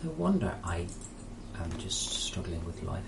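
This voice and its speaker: A man's voice: low voice, sing-song, measured pace, vocal fry, noisy background. A young man casually chatting on a live stream, muttering and rambling his thoughts aloud from home at a desk microphone. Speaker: game developer streaming his work.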